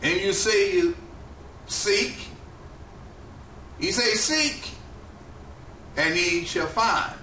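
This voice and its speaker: Preacher man, slow and emphatic, bright voice bouncing around a big echoey room, mic kinda far off. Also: high-pitched, slight background noise. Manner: slow, emphatic preaching with rising and falling cadence. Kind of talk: sermon. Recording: echoey room, mic at a distance, faint ambience.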